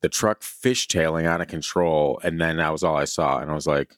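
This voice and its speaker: A man's voice: a bass voice, steady tone, a little fast, no room sound. A man co-hosting a podcast in casual chat, joking and rambling through a story with lots of fillers while chewing candy. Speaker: podcast co-host.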